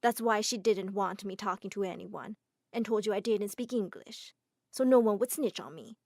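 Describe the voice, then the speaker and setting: A woman's voice: mid-range voice, normal speed, a little mellow, no echo, studio quality, natural voice. A worried young male makeup artist in a storybook drama, voiced by a woman narrator. He explains himself in a confiding way.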